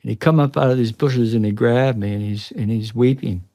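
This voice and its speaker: A man's voice: mid-range voice, brisk, mellow, dry recording. A man, a guest on an interview show, earnestly recounting a tense personal experience, often breaking off and restarting. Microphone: studio podcast mic.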